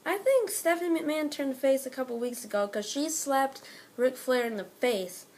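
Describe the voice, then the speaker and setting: A woman's voice: high-pitched, normal speed, darkish tone. A woman vlogger giving a casual, rambling recap of a wrestling episode, full of "um" and "blah, blah" asides.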